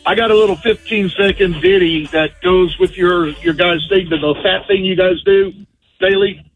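A man calling in to a radio show, easygoing and a bit halting. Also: high-pitched, narrow, tinny audio, faint music behind. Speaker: caller. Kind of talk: radio call-in.

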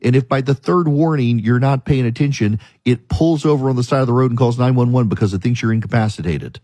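A man's voice: medium pitch, fast, mellow, dry recording. A man hosting a radio talk show, arguing his opinions emphatically and hammering the same points again and again. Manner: emphatic, argumentative, repeats points.

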